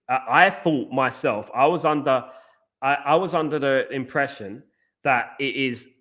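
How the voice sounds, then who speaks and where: His medium-pitched voice has a fairly bright tone as he hosts a live football watchalong. This chatty guy keeps rambling and drifting into side topics.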